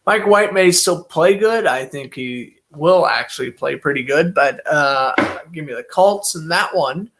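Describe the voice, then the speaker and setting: A man's voice: a little high, animated, measured pace, hardly any pauses, noisy background. A young man doing casual solo play-by-play commentary and predictions, chatty and thinking aloud with many fillers.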